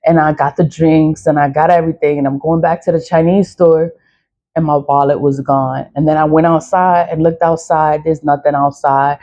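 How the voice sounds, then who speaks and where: Lady with a lowish voice just rambling to camera, cursing, laughing, repeating herself. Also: fairly even intonation, normal speed, warm tone. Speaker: spiritual product vlogger. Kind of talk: casual rambling monologue.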